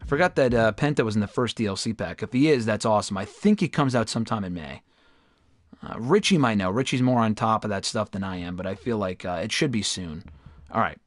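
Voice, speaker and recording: Animated, profane gaming streamer. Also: male voice, on the low side, brisk, no room sound, clean studio sound. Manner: chatty, profane, erupts into loud frustrated outbursts. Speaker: gaming livestream host. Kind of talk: casual livestream commentary while playing.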